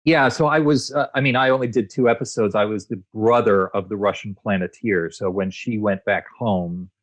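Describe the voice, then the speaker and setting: Male guest, low voice, dry close sound, laid-back anecdotal delivery. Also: normal speed, no room sound. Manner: relaxed storyteller, many fillers and restarts. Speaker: guest, voice actor and screenwriter. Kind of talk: casual interview chat.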